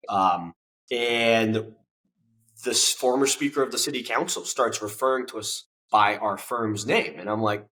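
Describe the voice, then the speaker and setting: Bright-voiced young man telling a story. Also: lowish voice, unhurried, poor audio. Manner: animated, acts out quoted dialogue, swears casually. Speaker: podcast guest. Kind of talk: casual storytelling interview.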